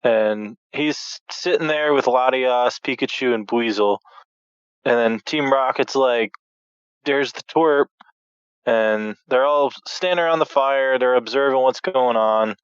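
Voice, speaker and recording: A male podcast guest calmly recounts a cartoon scene in plain, unhurried chat. His voice is smooth and resonant, and the slow delivery plays over a dry, slightly muffled recording. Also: mid-range voice, no room sound. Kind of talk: casual episode recap.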